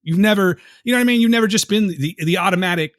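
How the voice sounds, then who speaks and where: Man, podcast co-host, casual discussion, rapid earnest talk, emotional, rambling, dry close sound. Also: sits high, no echo.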